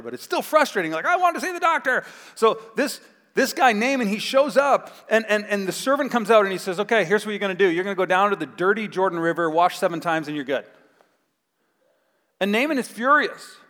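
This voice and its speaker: A man preaching a sermon as pastor, telling a Bible story with animated acted-out voices. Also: high voice. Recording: long hall reverb.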